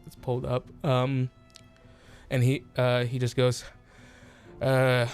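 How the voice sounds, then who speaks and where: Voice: medium pitch, completely flat delivery, takes it slowly, long pauses, a little mellow, soft background music. A game master narrating a tabletop game, hesitant with many fillers and frequent laughter.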